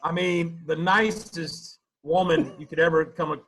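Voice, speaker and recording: A man's voice: fairly high pitch, fairly even intonation, a little slow, fairly bright tone, a little hiss or hum. A man co-hosting a sports talk show, joking and stammering a bit in casual chat. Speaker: podcast co-host.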